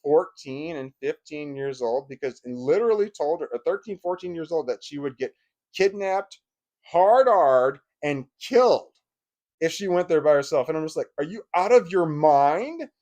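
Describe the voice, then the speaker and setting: A man's voice: a little high, lively intonation, normal speed, a little mellow. A man telling a personal story in a vlog, emotional and blunt, swearing freely and often restarting his sentences. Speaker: vlogger.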